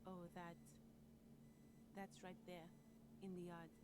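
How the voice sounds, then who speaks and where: A man voicing a timid, evasive middle-aged woman in a game, in a soft falsetto. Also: monotone, slow pace, noisy background. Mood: meek. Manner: soft, falsetto, meek and defensive.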